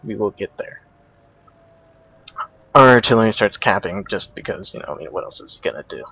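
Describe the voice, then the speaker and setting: A young man casually commenting over a replay of his own game match, explaining each move in a relaxed way with frequent ums and uhs. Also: fairly low pitch, brisk, slightly rough, dry recording. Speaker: gameplay commentator. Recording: dull lo-fi recording with faint noise.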